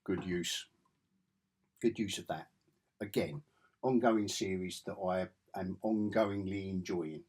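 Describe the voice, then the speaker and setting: A man's voice: deep voice, takes it slowly, long pauses, darkish tone, slightly rough. An English man with an enthusiastic, rambling way of talking, reviewing comic books in a casual vlog. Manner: rambling, enthusiastic, self-correcting.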